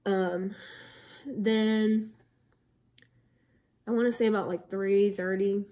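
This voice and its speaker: A young woman tells a long personal story straight to her audience. She talks in a loose, rambling way, full of fillers and restarts. Her voice is warm and mellow, sitting in a middle pitch. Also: steady tone, takes it slowly. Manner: rambling, chatty, with many likes and ums. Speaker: vlogger. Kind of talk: casual storytelling to camera.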